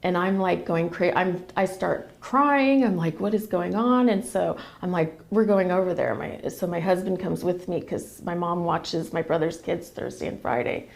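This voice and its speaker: Woman with a gravelly, creaky voice. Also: fairly low pitch, moderate pace, few pauses. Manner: emotional, quotes others in a run of retold dialogue. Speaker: guest. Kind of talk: personal storytelling.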